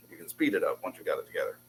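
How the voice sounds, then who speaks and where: A man with a low, sing-song voice teaches a beginners' Hebrew class, drilling syllables patiently and encouraging his students. He talks fast, and the rough recording has some hiss or hum.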